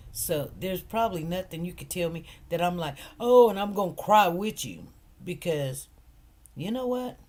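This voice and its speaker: A woman talks slowly to her viewers, lingering on her words and repeating lines for emphasis. She speaks in in a casual storytelling style. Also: fairly low pitch. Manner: emphatic, repeats phrases, addresses viewers as "you guys". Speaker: commentary channel host.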